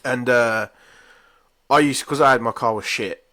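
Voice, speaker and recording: A man's voice: medium pitch, a little slow, sharp tone. A man, a podcast co-host telling road stories in laid-back, sweary casual chat.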